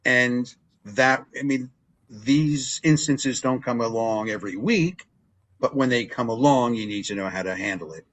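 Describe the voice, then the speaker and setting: At a measured pace and medium pitch, an older man, a wrestling ring announcer, shares stories as a guest in a relaxed interview. He's animated, performing the dialogue he remembers.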